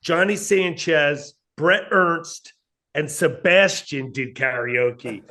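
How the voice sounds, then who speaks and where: A man's voice: fairly high pitch, slow. A man, a comedian guest telling stories in casual chat and acting out quoted lines. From Atlantic City, New Jersey. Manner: animated, acts out quoted dialogue in his stories.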